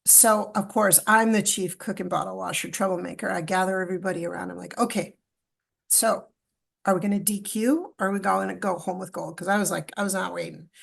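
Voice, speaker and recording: Canadian woman with a gravelly voice. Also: medium pitch, brisk. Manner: animated, acts out quoted dialogue, emotional retelling. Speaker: podcast guest. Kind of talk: storytelling in a casual interview.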